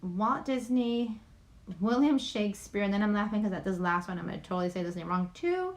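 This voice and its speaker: This YouTube livestream host, a woman with a mid-range voice, reads names aloud from home in a brisk, animated way. It's casual chat, and she keeps saying sorry for mispronouncing the names.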